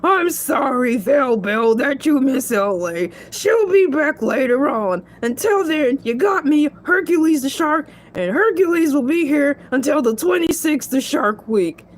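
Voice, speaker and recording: A woman's voice: high-pitched, lively intonation, unhurried, few pauses. A woman playing a boastful shark host. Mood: chatty. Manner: chatty, rambling, playful bragging. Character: cocky male shark show host, boastful. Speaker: stand-in show host. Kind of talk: comedic solo character show.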